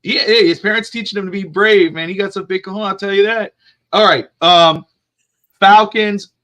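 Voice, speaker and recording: A man hosting a casual sports talk show, rambling and jokey and quick to laugh. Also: high-pitched, bright, forceful tone. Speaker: podcast host.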